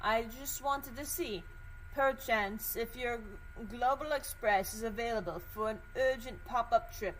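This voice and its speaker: Brief: woman doing a prim accented email writer, mock-formal, bright tone. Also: a little high, measured pace, slight background noise, poor audio.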